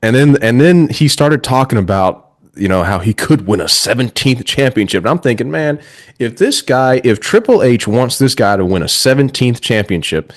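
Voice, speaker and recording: Sarcastic man, low voice, podcast chat. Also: no echo, studio quality. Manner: sarcastic, laughs often. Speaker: podcast host. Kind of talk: casual wrestling review chat.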